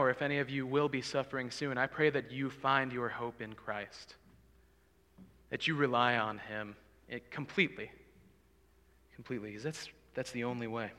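Casting note: male preacher, earnest and pleading, bright forceful tone, long hall reverb. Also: medium pitch. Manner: earnest, pleading, swells loud for emphasis. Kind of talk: sermon.

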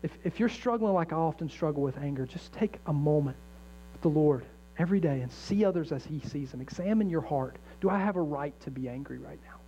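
A man's voice: a little high, lively intonation, fairly quick, warm tone. A middle-aged man preaching a sermon as a pastor, earnest and conversational, mixing jokes and acted-out inner voices. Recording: dull lo-fi sound with faint mains hum.

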